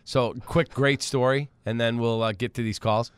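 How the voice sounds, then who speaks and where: A man's voice: mid-range voice, normal speed, smooth, no room sound. A man hosting a sports radio show in casual chat, telling stories with quoted voices. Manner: animated storyteller, acts out quoted voices. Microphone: studio mic.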